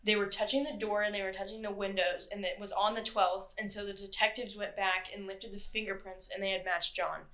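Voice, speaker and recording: A woman's voice: mid-range voice, fairly even intonation, brisk, hardly any pauses, sharp tone. A woman co-hosting a podcast, telling a true crime story in casual, chatty talk, swearing freely and acting out what people said. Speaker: podcast co-host.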